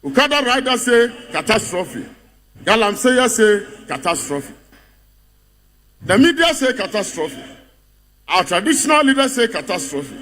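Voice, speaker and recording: A man with a Ghanaian English accent gives a mocking political speech to a party congress, building rhetorical refrains. His voice is high-pitched with a fairly bright tone.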